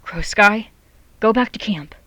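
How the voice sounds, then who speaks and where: Woman doing a stern, calm tomcat. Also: mid-range voice, measured pace, close to an everyday voice. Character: calm, stern male tomcat confronting others.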